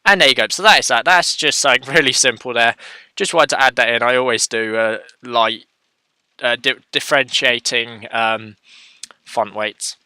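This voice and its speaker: A man's voice: mid-range voice, moderate pace, bright, forceful tone, clear, resonant tone, no echo. A man hosting a casual coding tutorial, talking through his screen as he works and correcting himself as he goes. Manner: thinks aloud, self-correcting, chatty.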